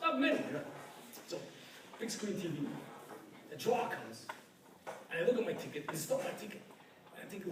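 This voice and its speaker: A middle-aged man from Ottawa, a professor, telling a lively anecdote with frequent laughs and asides of "right?". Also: very high-pitched, brisk, background noise. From Ottawa, Canada. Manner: animated, laughs often, keeps asking "right?". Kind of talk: storytelling anecdote. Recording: echoey room, distant mic, crowd chatter.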